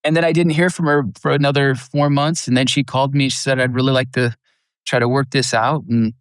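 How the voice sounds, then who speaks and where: A middle-aged man on a podcast speaks fairly quickly in a clear, resonant mid-range voice with fairly even intonation, recorded cleanly in a studio with no room sound. He tells his personal testimony earnestly and acts out the people he quotes, so moved that he nears tears at times.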